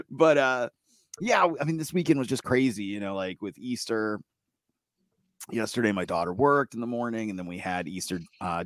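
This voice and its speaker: A man's voice: on the low side, no echo. A middle-aged man co-hosting a podcast in casual chat, getting worked up, swearing freely and laughing often. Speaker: podcast co-host.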